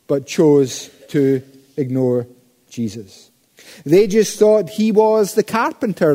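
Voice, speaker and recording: A male preacher delivers a sermon slowly and emphatically, leaning on deliberate pauses. His voice sits fairly high but sounds dark and mellow. It carries the long reverb of a large church hall.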